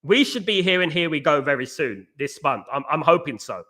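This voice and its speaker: A man hosting a live chat, reading out viewer names and answering them in a rush. His voice sits high and bright, and he races ahead, stacking restarts and "you know" as he goes. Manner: talks fast and excitedly, many restarts, says mate. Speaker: show host reading viewer comments. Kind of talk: fast casual live chat.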